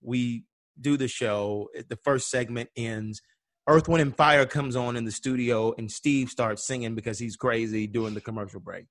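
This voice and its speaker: A man's voice: mid-range voice, steady tone, normal speed, no room sound, clean studio sound. A man from Atlanta telling a personal story in conversation, acting out the voices of the people he quotes. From Atlanta, USA. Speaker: guest.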